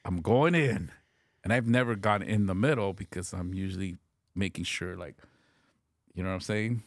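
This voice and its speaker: A middle-aged man, a podcast guest, telling a story in an animated, profane way on a close podcast mic. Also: sits low, vocal fry, no echo. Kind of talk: casual storytelling.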